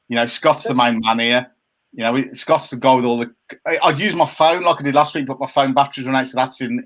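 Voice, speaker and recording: Animated man ranting. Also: mid-range voice. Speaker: co-host of a chat show. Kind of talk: casual chat. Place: home room by a window. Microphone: laptop camera.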